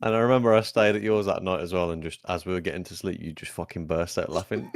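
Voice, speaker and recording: A man's voice: sits low, steady tone, dry recording, studio quality. A young English man, a podcast co-host, chatting casually and recalling shared stories with swearing. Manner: laid-back, swearing, quick to laugh. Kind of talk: casual chat.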